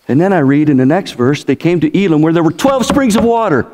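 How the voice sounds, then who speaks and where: A man preaches to his congregation with a lively, rising and falling delivery, peppering them with questions. His voice sits a little high for a man. It rings out with the long reverb of a church hall. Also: brisk. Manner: asks the congregation many questions. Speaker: pastor. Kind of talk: sermon.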